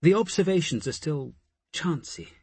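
A man voicing a hesitant, higher woman scientist. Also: expressive, normal speed, a little mellow, slightly rough, dry recording. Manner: hesitant, musing.

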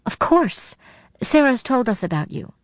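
A worried middle-aged mother, put on by a woman reading aloud, her voice lifted high and tight with alarm. She fires sharp, protective questions in a dry, close audiobook read. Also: sing-song, unhurried, no echo. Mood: relieved. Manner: high, anxious, demanding questions. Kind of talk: audiobook character voice.

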